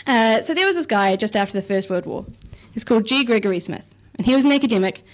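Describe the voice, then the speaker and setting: A woman who is a stand-up comic and researcher performs a self-mocking set on a comedy club stage. Her voice is a little high and animated, and she talks fast, chatty and casually swearing.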